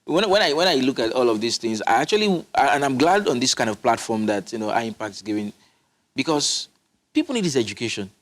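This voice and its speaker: A man's voice: medium pitch, expressive, fast. A man, a public speaking coach, explaining his methods emphatically in a studio interview, often restarting his sentences. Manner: instructive, emphatic, with frequent restarts.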